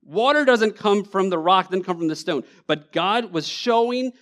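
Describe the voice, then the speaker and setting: A young man delivers a church sermon in a relaxed, talky way. He jumps up high when he acts out the people in the story, then drops low again. His voice sits a little high for a man. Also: normal speed. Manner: conversational, animated preaching with acted-out quotes. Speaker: pastor. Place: church sanctuary.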